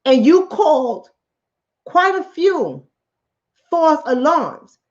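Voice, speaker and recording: A woman tells a political fable on her own channel, jumping into character voices as she goes. Her voice sits high and swings widely in pitch. The recording is slightly dull and lo-fi. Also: drawn-out words. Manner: animated storyteller acting out characters' lines. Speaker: channel host, relationship coach. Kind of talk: political commentary told as a fable.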